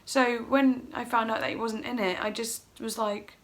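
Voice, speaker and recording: A woman's voice: a little high, steady tone, normal speed. A middle-aged woman at home, telling a personal story in a casual, emotional, rambling way and acting out her own quotes. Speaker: vlogger.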